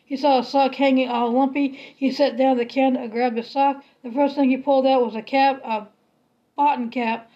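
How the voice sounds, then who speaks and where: A woman reading a children's novel aloud in a steady, unhurried storybook manner. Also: sits high, dull audio. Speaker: reader.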